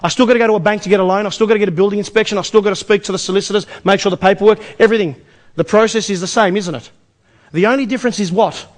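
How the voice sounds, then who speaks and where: A man with an Australian accent and a noticeably high voice talks rapidly while presenting an investment seminar to a live audience. He fires rhetorical questions at the room with salesman-like energy.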